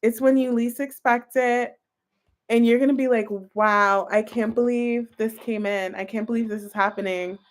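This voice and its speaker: A woman giving a casual tarot reading, chatty and excitable, talking straight to her viewers. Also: fairly high pitch, moderate pace. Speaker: tarot reader.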